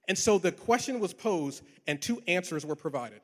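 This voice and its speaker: A middle-aged man, a pastor, preaching a sermon full of personal stories, animated and playful, talking straight to the crowd and often repeating words. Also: high voice, moderate pace. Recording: long hall reverb.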